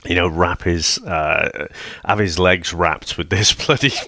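A man's voice: low-pitched, fairly even intonation, measured pace, sharp tone, a little hiss or hum. A man, co-hosting a casual film review podcast, laughing often as he talks. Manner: chuckling, loose with fillers. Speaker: podcast co-host.

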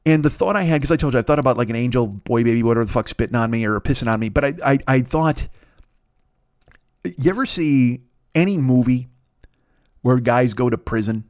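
A man's voice: mid-range voice, a little fast, darkish tone, no room sound, studio quality. A man hosting a podcast, telling a rambling, profane, self-mocking story in casual chat, with bursts of laughter. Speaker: podcast host. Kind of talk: casual comedic monologue.

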